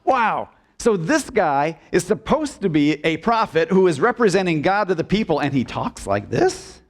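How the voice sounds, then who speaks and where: A male pastor delivering a sermon in a church, asking the congregation questions and drawing them into call-and-response, sometimes dropping low and soft for emphasis. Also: moderate pace. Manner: expressive preaching, dips low and soft for emphasis. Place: church sanctuary.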